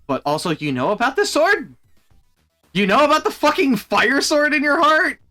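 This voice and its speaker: Exasperated streamer guy ranting, bright voice, lively pitch, some music behind. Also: moderate pace. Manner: animated, exasperated, swearing. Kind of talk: casual chat.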